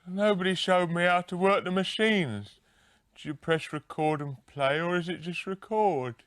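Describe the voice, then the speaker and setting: An actor playing a childlike, confused male rock guitarist who talks in slow, muddled thoughts in a comedy sketch interview. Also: high voice, fairly bright tone, no room sound, studio quality.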